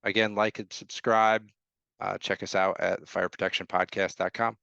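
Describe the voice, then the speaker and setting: Loose-talking podcast host. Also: male voice, on the low side, flat delivery, moderate pace, vocal fry, bright, forceful tone, no room sound. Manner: loose, hesitant, many fillers and restarts, laughs easily. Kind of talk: casual podcast chat. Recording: dry, slightly dull sound.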